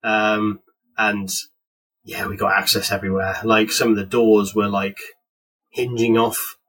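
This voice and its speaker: A man, a penetration tester telling work stories in a casual interview, animated and acting out the dialogue. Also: on the low side, a little slow, poor audio. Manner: animated, acts out dialogue in quotes, laughs.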